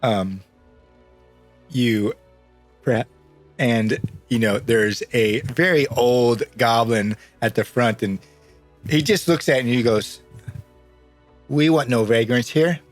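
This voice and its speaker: A man's voice: mid-range voice, slow, long pauses, faint music behind. A man narrating as game master in a tabletop game, loose and rambling and often laughing.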